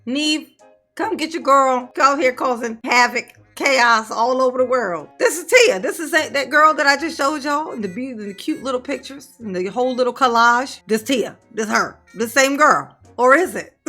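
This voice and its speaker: A woman hosting a reaction commentary show, sassy and quick with jokes, laughing often. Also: high-pitched, expressive, sharp tone, soft background music. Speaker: commentary channel host.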